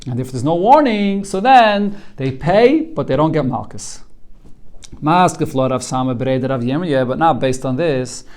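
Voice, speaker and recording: A man's voice: mid-range voice, darkish tone, clean tone. A man, a rabbi, teaching a Talmud class, walking students through the text line by line in an earnest way, often repeating a word as he starts a thought.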